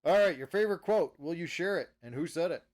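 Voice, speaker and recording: A man hosting an interview, firing off quick questions and laughing often. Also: fairly high pitch, expressive, a little mellow. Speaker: interview host. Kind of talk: casual interview chat.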